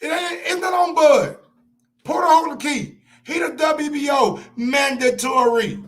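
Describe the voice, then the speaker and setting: A man's voice: extremely high pitch, measured pace, fairly bright tone, raised voice. A man hosting a sports show, ranting in a heated, profane live-stream style, repeating his points for emphasis.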